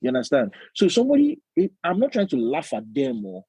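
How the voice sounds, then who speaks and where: A young man with a Nigerian accent, co-hosting a podcast in casual chat, animated and often acting out other voices with laughter. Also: fairly high pitch, brisk, husky, no echo. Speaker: podcast co-host.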